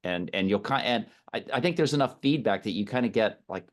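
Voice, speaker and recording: A man's voice: lowish voice, animated, fairly quick. A man co-hosting an interview, talking thoughtfully with stops and restarts. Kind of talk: interview chat.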